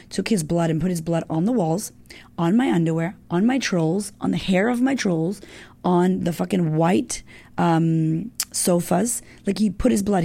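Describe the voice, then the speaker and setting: Middle-aged woman guest, low-pitched gravelly voice, candid and swearing, emotional storytelling. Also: mellow. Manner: frank and emotional, swears freely.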